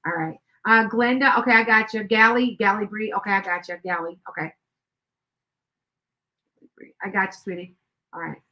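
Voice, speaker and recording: A woman's voice: medium pitch, steady tone, normal speed, pauses often, pushed and bright, poor audio. An older woman hosting a live stream as a psychic reader, chatting casually and rambling, with many restarts and asides to her viewers.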